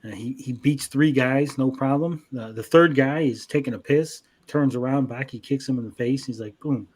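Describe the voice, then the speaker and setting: A young man co-hosting an anime review show, recapping episodes in casual chat, swearing freely and jumping into quick character voices. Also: medium pitch, darkish tone, husky.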